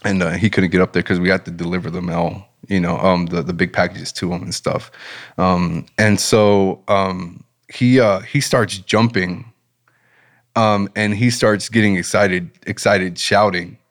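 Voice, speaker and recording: A lower-pitched man speaks in a casual interview, telling his story with growing enthusiasm. He sounds relaxed and heartfelt, rising in pitch as he gets excited. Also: measured pace. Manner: animated, enthusiastic storyteller, relaxed and faith-centered. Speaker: business owner and guest.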